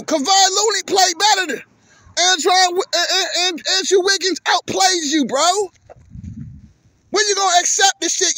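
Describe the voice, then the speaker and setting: A man's voice: very high-pitched, a bit bright, dry recording. A man ranting heatedly about basketball, cursing often and tripping over repeated words. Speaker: vlogger. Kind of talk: profane sports rant.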